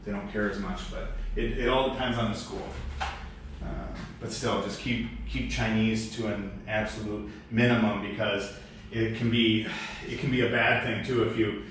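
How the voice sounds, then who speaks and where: A man who teaches English, giving new teachers casual advice in a relaxed, rambling way with self-deprecating asides. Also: lowish voice, normal speed. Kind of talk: casual instructional chat. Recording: echoey room, mic far off, faint background noise.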